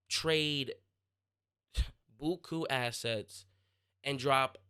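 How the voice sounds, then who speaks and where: A young man hosting his own sports podcast, talking casually and answering listener questions, pausing and restarting mid-thought as he works out what he wants to say. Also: mid-range voice, a bit bright, clear, resonant tone. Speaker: podcast host.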